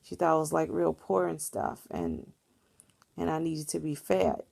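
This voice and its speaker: A woman's voice: low-pitched, sing-song, unhurried, creaky, a little mellow. A woman vlogger casually recounting a dream in a rambling, earnest storytelling way.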